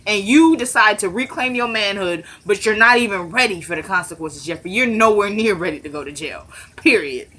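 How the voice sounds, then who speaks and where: A woman with a bright, crisp edge to her voice chats through her thoughts on a TV episode. She is opinionated and casual, and she speaks straight to her viewers. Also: mid-range voice, fairly quick. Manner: chatty, opinionated, addresses viewers directly. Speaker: TV episode recapper. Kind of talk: casual recap commentary.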